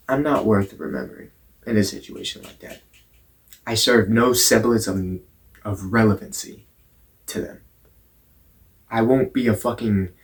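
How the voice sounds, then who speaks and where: A man's voice: mid-range voice, a little mellow. A young man talking straight to camera, blunt and full of swearing, often stumbling and repeating words as he tells a personal story. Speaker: vlogger. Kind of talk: candid storytelling monologue.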